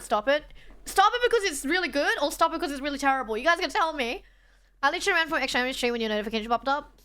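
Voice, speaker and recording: A woman's voice: on the high side, bright, forceful tone, clean tone. A young woman streaming, chatting casually and reading her chat aloud, tired from travel. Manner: chatty, reads chat aloud, self-deprecating.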